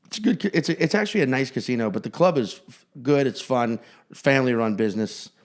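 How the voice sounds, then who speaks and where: This man speaks quickly and animatedly at a medium pitch. Co-hosting a comedy podcast, he rambles through loose stories, jokes with his co-host and plays with repetitions in casual chat.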